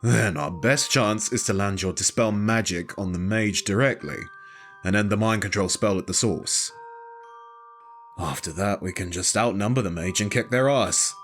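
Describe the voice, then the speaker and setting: A reader voicing a calm, blunt man with a dry, tired delivery, in a visual novel reading with soft music behind. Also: low voice, moderate pace, lightly acted.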